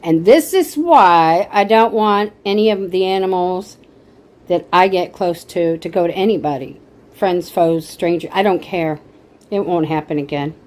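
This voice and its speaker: A woman's voice: fairly low pitch, a little slow, a little mellow, low-quality recording. A middle-aged woman vlogging at home on her phone, chatting casually, rambling, emotional and indignant. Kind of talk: casual chat to camera.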